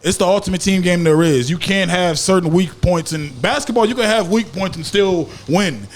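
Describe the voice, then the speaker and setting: High-voiced man hosting sports chat. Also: moderate pace. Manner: laughing, animated banter. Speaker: podcast co-host.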